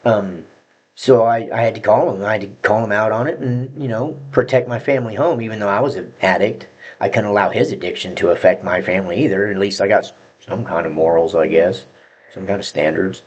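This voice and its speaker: A man's voice: fairly low pitch, a little fast, husky, dull audio. A man telling his own story in a blunt, profane, rambling way, breaking into nervous laughs. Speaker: vlogger sharing his addiction story. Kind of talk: candid confessional monologue.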